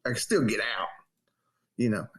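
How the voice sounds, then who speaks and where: A man casually telling a story on a podcast and acting out the quotes in a raised voice. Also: moderate pace. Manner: animated storyteller, acts out quotes in a high voice. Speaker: podcast co-host.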